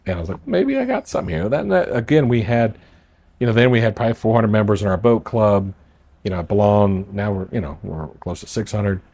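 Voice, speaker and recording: He has a fairly low, darkish voice and talks fairly quickly. As a political candidate who runs a marina, he loosely recounts his campaign at a marina boat club, reenacting what people said to him.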